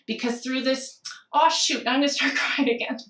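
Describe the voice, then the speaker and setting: A middle-aged woman, a podcast guest, telling a personal story candidly and with emotion, slowing down and laughing softly at times. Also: high voice, steady tone, reverberant, recorded from a distance. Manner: candid and emotional, with soft laughs and slowed phrases.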